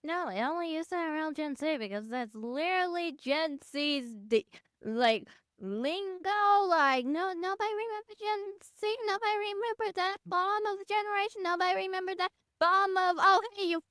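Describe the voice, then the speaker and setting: A young woman with a strikingly high voice chats on a podcast. She is blunt and rambling and swears freely. The sound is dry and close, with no room around it. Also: moderate pace, fairly bright tone, no room sound. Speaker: podcast co-host. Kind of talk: casual chat.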